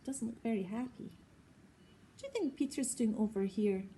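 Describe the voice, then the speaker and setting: A woman teacher reading a children's story aloud, pausing gently to ask the listening kids questions. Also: fairly high pitch, husky.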